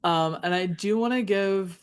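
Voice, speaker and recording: A woman's voice: mid-range voice, moderate pace, clear, resonant tone. Woman co-hosting a chat podcast, earnest, rambles in long thoughts, mid voice. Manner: earnest, talks in long run-on thoughts with many "like"s. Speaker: podcast co-host. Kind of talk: casual chat.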